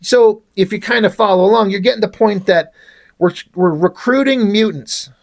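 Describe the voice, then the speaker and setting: A man's voice: high-pitched, normal speed, creaky. A man giving a casual, rambling comic book review in a sarcastic tone, swearing often.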